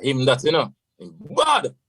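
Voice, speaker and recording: A man's voice: medium pitch, huge pitch swings, measured pace, fairly bright tone, breathy edge, no echo, rough recording. A Jamaican man, a radio guest, tells a long story in a loose, casual way, slipping into patois and saying "you know" often. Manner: rambling, full of "you know" and patois phrases.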